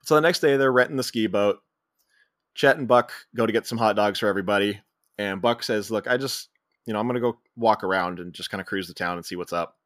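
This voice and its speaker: A man co-hosting a podcast, recapping a comedy scene by scene and acting out characters' lines in quick put-on voices. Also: on the low side, fairly bright tone, no echo, clean studio sound. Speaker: podcast co-host. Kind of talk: casual movie recap chat.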